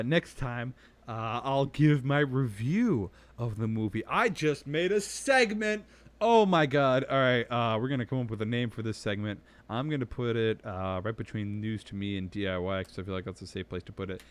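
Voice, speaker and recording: A young man hosting a casual livestream show, rambling and self-mocking, jumping from mumbled asides to excited outbursts. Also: mid-range voice, clear, resonant tone.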